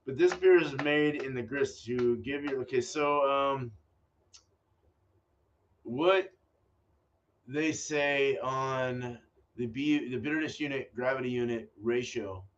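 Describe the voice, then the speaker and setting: A man's voice: medium pitch, slow, long pauses. Rambling, swearing homebrewer man, distant mic. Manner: distracted, swears casually, thinks aloud. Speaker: homebrewer and channel host. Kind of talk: casual rambling vlog talk. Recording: dull lo-fi audio from a distance.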